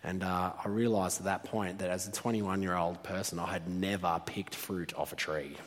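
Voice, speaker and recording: Man, lowish voice, playful live storyteller, hall reverb. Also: normal speed. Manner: animated, self-mocking, laughs often. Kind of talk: live storytelling talk to an audience.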